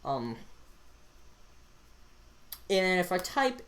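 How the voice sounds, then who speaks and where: A woman's voice: fairly low pitch, very animated, extremely slow, fairly bright tone, a little hiss or hum. A woman vlogger giving rambling, casual commentary over a screen recording, with many fillers and self-corrections.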